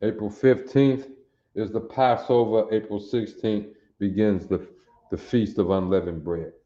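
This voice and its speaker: Man in his sixties, low voice, dark tone, echoey room, muffled sound, folksy livestream teacher. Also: steady tone, a little slow. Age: 60s. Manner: folksy, repeats "you see that?" to viewers. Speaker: language class teacher. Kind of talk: livestream lesson.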